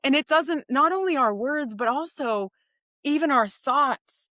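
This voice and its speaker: A woman's voice: sits high, expressive, measured pace, bright, forceful tone, dry recording, clean studio sound. A woman guest on a podcast, telling stories earnestly in conversation with frequent restarts. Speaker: guest speaker.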